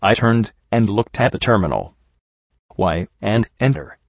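A man with a low voice narrates a first-person story, measured and somber. The recording is dull and close, with no room sound. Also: animated, vocal fry, no echo. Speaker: audiobook reader.

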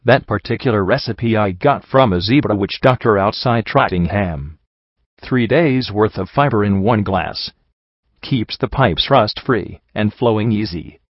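A man's voice: fairly low pitch, a little slow, dry recording, dull audio. A man voicing a wily old male pony gang boss who talks in a teasing, folksy drawl. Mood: folksy amused. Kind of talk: audiobook character voice.

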